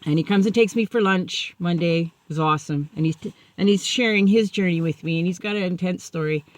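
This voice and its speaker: A woman's voice: fairly low pitch, a little fast, dry recording. A woman sharing a personal recovery story in a candid, self-mocking way, acting out remembered conversations. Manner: animated, acts out remembered dialogue.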